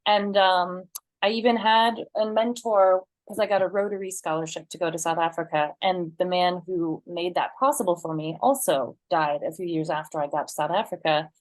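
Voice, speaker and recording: A woman's voice: fairly low pitch, normal speed, dry recording. A woman from Northern California, a guest in a casual conversation, telling earnest, rambling personal stories.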